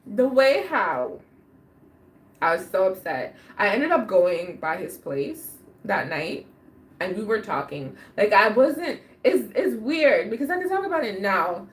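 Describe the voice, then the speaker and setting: A woman's voice: mid-range voice, very animated, measured pace. A woman hosting a livestream, telling a personal story in casual slang and laughing often. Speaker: livestream host.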